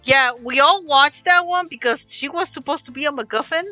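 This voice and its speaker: A woman's voice: high-pitched, moderate pace, pushed and bright, dry recording, faint music behind. Blunt, profane woman podcast host. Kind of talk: casual chat.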